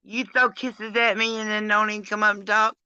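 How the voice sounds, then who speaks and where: A woman's voice: medium pitch, flat delivery, fairly quick, pushed and bright, smooth, no echo, lo-fi sound. A drunk woman hosting a casual live chat, rambling, affectionate and crude as she calls on her friends. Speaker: live stream host.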